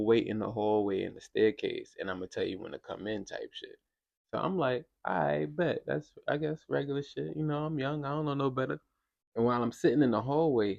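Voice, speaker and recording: Gravelly New man telling a story. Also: on the low side, lo-fi sound. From Brooklyn, New York. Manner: animated, profane, acts out voices in quotes. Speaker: podcast host telling a story. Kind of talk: casual storytelling.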